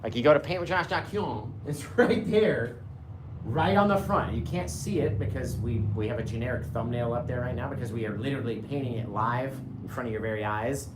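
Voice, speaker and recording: A man's voice: medium pitch, brisk, roomy sound, background noise. A man hosting a live painting show, chatting casually with viewers, reading their comments aloud and laughing often.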